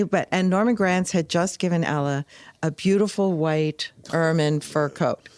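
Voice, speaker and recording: An older woman with a low voice tells stories in relaxed conversation and acts out the people in them with lively voices. The sound is close and dry, with no room around it. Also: normal speed, no echo. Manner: animated storyteller, acts out quoted voices. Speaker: podcast guest. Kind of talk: storytelling in casual conversation.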